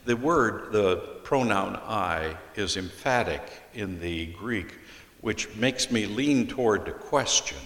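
A man preaching an expository sermon as a pastor, deliberately reading scripture aloud and explaining it. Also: lowish voice, big pitch swings, a bit bright. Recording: echoey hall with long reverb.

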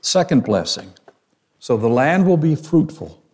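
A man preaching in a slow, unhurried way, his voice mellow and warm. He reads scripture passages aloud and explains them verse by verse. Now and then he stops to put a question to his listeners. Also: medium pitch, sing-song. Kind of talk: sermon, Bible teaching.

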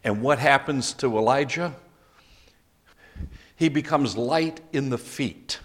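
A middle-aged man preaching a sermon as pastor, slow and emphatic, bursting into loud quotations now and then. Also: mid-range voice, long reverb tail.

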